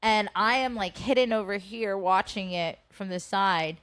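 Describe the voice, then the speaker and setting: Animated, foul-mouthed woman telling stories. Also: medium pitch, a little slow, clear, resonant tone, dry recording. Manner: animated, heavy swearing, acts out quoted voices. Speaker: podcast co-host. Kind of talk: casual storytelling chat.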